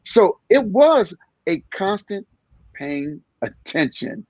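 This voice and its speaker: A comedian in his sixties talking in an animated interview, acting out little scenes in different voices. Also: high voice, takes it slowly, husky, no echo, muffled recording. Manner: energetic storyteller acting out voices. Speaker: comedian guest.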